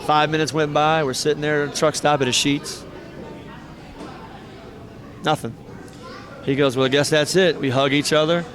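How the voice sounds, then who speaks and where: A man's voice: on the high side, little pitch movement, normal speed, long pauses, fairly bright tone. A man, a professional wrestler, telling rambling, heartfelt stories with laughs between them in a casual interview.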